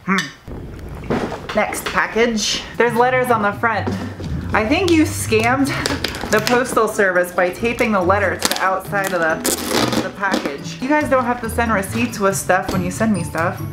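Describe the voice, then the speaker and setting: A chatty young woman in a mid-range voice hosts a casual car vlog, rambling easily between thoughts. She gets giddy and excitable as she opens packages. Background music plays clearly behind her. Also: mid-range voice, a little slow. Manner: chatty, excitable when unboxing gifts. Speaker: car vlogger and host.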